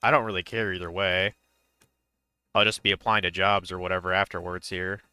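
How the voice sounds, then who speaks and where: A man's voice: low voice, flat delivery, a little fast, bright, forceful tone, smooth, dry recording. A young man streaming a game, chatting casually in a rambling, hesitant way with many fillers. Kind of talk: casual chat while gaming.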